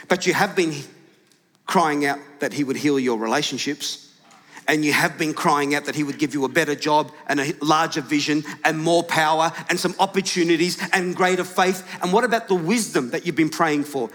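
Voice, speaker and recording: A male pastor preaching a lively sermon to his congregation, questioning the room and shouting at its peaks. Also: sits high. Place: large church hall with congregation. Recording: live church hall with long reverb.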